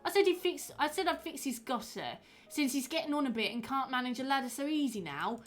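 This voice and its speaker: Lady putting on a gruff village guy, broad silly accent, defensive, pitched up a bit. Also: expressive, brisk. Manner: broad put-on regional accent, playful.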